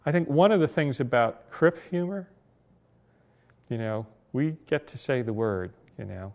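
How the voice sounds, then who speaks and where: A man's voice: mid-range voice, expressive, measured pace, a little mellow. Wry older man telling stories. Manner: wry, anecdotal, reflective with dry humor. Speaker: interviewee, disability rights advocate. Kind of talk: oral history storytelling.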